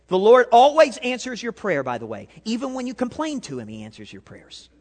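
A male pastor preaching a sermon, animated, swinging between loud and quiet and asking the congregation questions. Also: high-pitched. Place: church sanctuary. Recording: long hall reverb.

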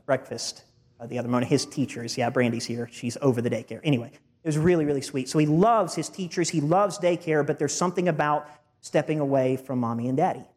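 Pastor, thirties, male, slightly high voice, earnest and heartfelt, preaching under long church reverb. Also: a little mellow. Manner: earnest, heartfelt, addresses the congregation directly. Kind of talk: sermon. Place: church sanctuary.

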